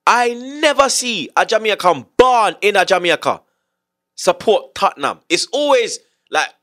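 Man, high bright voice, swings up and down a lot, animated football banter. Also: unhurried. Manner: animated, laughs often, heavy slang. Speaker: host.

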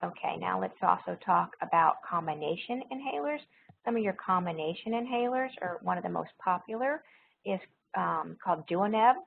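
A low, gravelly woman's voice delivers a pharmacology lecture, working through each point carefully and repeating what matters, with plenty of ums along the way. The sound is thin and tinny, like it came over a phone line, with a faint hiss under it. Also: animated, moderate pace. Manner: explanatory, repeats key points, frequent ums. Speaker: nursing pharmacology instructor. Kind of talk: recorded lecture.

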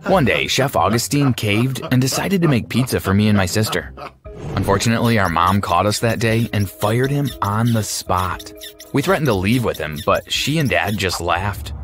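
A man narrating a scripted animated story in a wry, sardonic way. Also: lowish voice, normal speed. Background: faint music.

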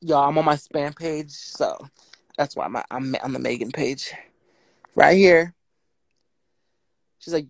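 A woman, telling her story on a phone livestream in a blunt, profane, animated way and reading out text messages. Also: deep voice, a little slow, pauses often, no room sound.

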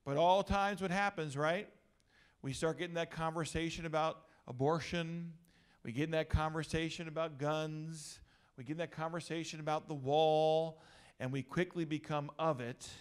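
A middle-aged male pastor giving an energetic, joking talk to a youth gathering. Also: fairly high pitch, moderate pace, clean tone.

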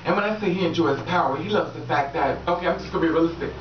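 In an echoey room, picked up by a distant, dull mic over faint background noise, a woman vlogger gives relationship advice rapid-fire. Her voice is on the low side, and she's casual and frank, swearing freely and laughing a lot.

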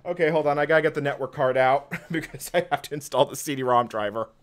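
A man talking his way through a live tech stream at a middling pitch. He rambles, fills gaps with "um" and "uh", and laughs at himself as he goes. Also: fast. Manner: rambling, self-deprecating, frequent fillers and chuckles.

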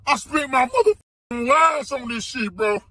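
Crying man ranting, high and husky. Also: normal speed, dry recording, rough recording. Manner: distraught, shouting, cursing. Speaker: scam victim in a viral clip. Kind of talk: emotional self-filmed rant.

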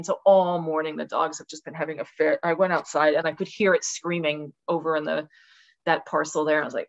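Woman guest, casual and animated, lower voice, lo-fi call audio. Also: fast. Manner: animated, acts out voices with laughs. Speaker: guest author. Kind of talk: casual interview conversation. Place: rural home with dogs.

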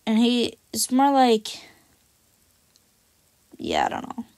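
A woman talks through her cat character designs in a loose, rambling way, full of fillers and offhand self-mockery. Her voice sits a little high and swings widely up and down. She speaks slowly, drifting between thoughts. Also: huge pitch swings, darkish tone, no echo. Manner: rambling and self-deprecating, many fillers, casual swearing. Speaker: YouTuber describing her drawn cat characters. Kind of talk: casual rambling commentary.

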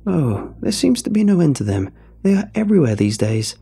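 A man's voice: big pitch swings, brisk, creaky, mellow, husky, soft background music, heavily acted. A man voicing a shrewd elderly woman who squawks and rambles, turning snappish. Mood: shrill, rambling. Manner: shrill, snappish.

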